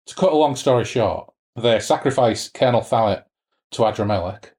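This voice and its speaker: A man's voice: mid-range voice, animated, brisk, a little mellow. A man co-hosting a casual book chat, recapping the plot and reading passages aloud. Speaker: podcast co-host.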